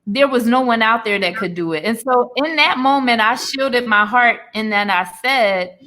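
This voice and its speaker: A woman's voice: fairly high pitch, moderate pace, bright, forceful tone. A woman in her forties, an interview guest and author, giving an earnest, emotional personal testimony laced with faith.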